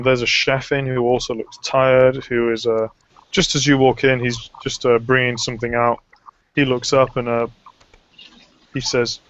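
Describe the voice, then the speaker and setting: A man's voice: mid-range voice, clear, resonant tone, no room sound, muffled recording. A man narrating as game master, loose and hesitant, full of fillers. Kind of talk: narrating a tabletop game over voice chat.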